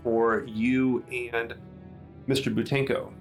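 A man runs a tabletop game as its game master, describing the scene in a loose, rambling way full of fillers and restarts. His voice sits at an ordinary middle pitch, with soft music playing underneath. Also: level tone, takes it slowly.

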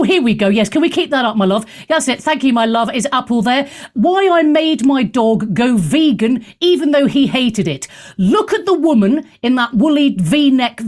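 A woman runs a radio talk show with a blunt, straight-talking delivery. Her voice sits a little high and she keeps the chat opinionated and animated, speaking from a studio.

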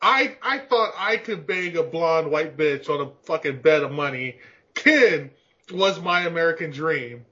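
A man's voice: fairly high pitch, expressive, unhurried, sharp tone, dull audio. A man in his thirties chatting casually on a podcast, crude and joking, laughing often.

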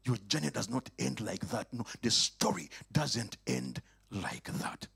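Husky preacher man with lively swings. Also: fairly low pitch, unhurried. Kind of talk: lively sermon. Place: church or worship hall.

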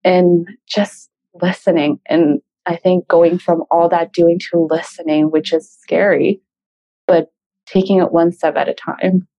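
Mellow-voiced woman, reflective guest. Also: lowish voice, fairly even intonation, a little slow. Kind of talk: reflective conversation.

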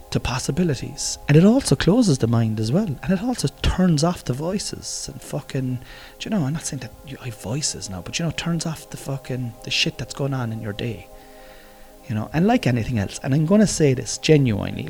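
A man's voice: fairly high pitch, a little mellow. An Irish man ranting in a casual monologue, swearing freely and rambling with jokes. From Ireland. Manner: profane, rambling, joking. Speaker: vlogger.

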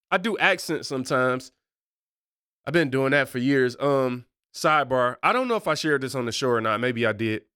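A man's voice: mid-range voice, lively intonation, normal speed, pushed and bright, smooth, no echo, clean studio sound. A married man hosting a casual faith podcast, talking in a loose, slangy way and wandering off on tangents. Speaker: podcast host.

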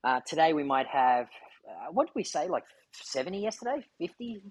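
A man's voice: a little high, big pitch swings, moderate pace, a little hiss or hum, poor audio. A man hosting a podcast, telling a story in an earnest, heartfelt way. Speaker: podcast host. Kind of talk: casual chat.

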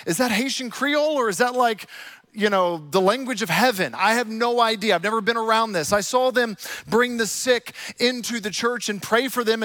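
A young adult man preaching a sermon, telling stories with lively quoted asides. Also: very high-pitched, dry recording. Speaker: pastor. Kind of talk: sermon with storytelling.

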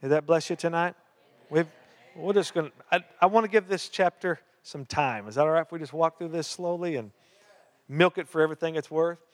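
Pastor, male, earnest storytelling sermon, slightly high voice, long reverb of a church hall. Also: brisk. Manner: storytelling, earnest, repeats key phrases.

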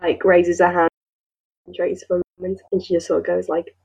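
A woman's voice: lowish voice, monotone, brisk, gravelly, darkish tone, slightly rough, dry recording, highs cut off. A woman player describing her character's actions in a chatty, casual way. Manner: chatty, lots of "sort of" and "like". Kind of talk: casual tabletop play.

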